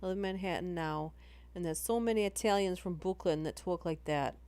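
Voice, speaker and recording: A lowish, slightly mellow female voice with a clean tone moves a little fast. Between horror story readings on her live stream, she chats casually, rambling and cutting herself off.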